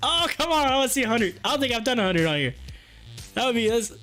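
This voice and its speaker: Man, livestream host, high voice, folksy and chatty, slightly hoarse, faint music behind. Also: very animated, fast, pushed and bright. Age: adult with kids. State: hoarse, losing his voice. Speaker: livestream host reading chat. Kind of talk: casual livestream chat.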